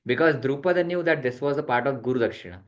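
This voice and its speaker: A man's voice: mid-range voice, fast talker. Man teaching a scripture class. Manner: retells the epic with acted quotes, mixing Hindi words. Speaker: spiritual teacher. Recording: dull lo-fi sound.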